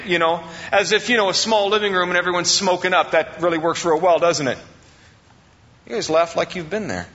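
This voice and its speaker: A man preaching a sermon as the pastor, rising sharply in pitch and acting out the excuses people make. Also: fairly quick, a bit bright. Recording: dull sound with long hall reverb.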